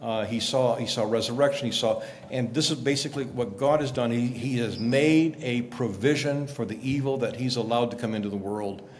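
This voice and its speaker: A man, a guest journalist, explaining scripture in a lively conversational way, acting out quotes as he tells the story. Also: medium pitch, brisk, hardly any pauses, slight background noise. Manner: animated storyteller, acts out quotes. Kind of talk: conversational Bible teaching.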